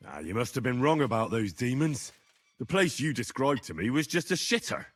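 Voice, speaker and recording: A skeptical young man for a story game, speaking with a dry edge. His voice is husky and moves around a lot in pitch. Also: sing-song, a little fast.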